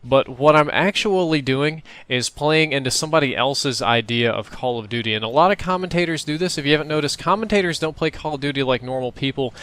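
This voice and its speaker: A man's voice: on the high side, a little fast, few pauses, a bit bright. A young man giving casual, reflective commentary over gameplay, talking in a conversational way. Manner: conversational, reflective, laughs now and then. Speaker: gaming commentator.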